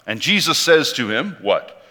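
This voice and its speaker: A man preaching a sermon, telling a story in an animated way and acting out the quotes. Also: medium pitch, measured pace. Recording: long hall reverb.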